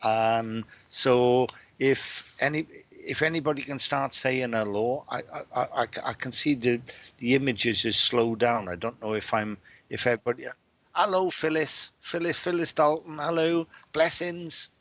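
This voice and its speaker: A man's voice: medium pitch, moderate pace, fairly bright tone, no room sound. A man from Wales, a medium hosting a livestream, chatting casually and greeting viewers by name, often repeating words and restarting his sentences.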